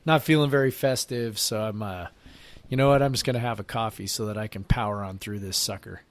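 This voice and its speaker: A man's voice: fairly low pitch, brisk. A tired man co-hosting a casual sports podcast from his basement, talking in a meandering way with frequent fillers that trail off. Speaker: podcast co-host. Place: home basement.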